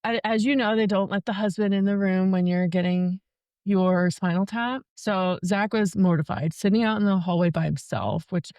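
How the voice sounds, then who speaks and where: A woman's voice: medium pitch, normal speed, darkish tone, no echo. Chatty young woman telling a story. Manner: chatty, joking, many fillers like "like". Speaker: podcast guest. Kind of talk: casual storytelling.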